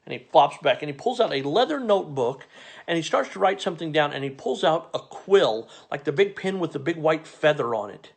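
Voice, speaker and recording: Stand-up storyteller, male, from Missouri: gravelly, higher-pitched, dry, exasperated, flares into disbelief. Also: expressive, a little fast. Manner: dry, exasperated, bursts into incredulous rants. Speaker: stand-up comedian. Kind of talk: comedic storytelling monologue.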